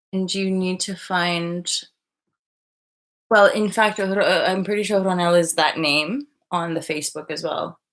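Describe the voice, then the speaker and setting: A young woman hosting a tarot livestream, chatting candidly and swearing freely as she reads out viewer comments and retells her own experiences with sudden loud outbursts. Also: lowish voice. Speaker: livestream host reading tarot. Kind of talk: casual livestream chat.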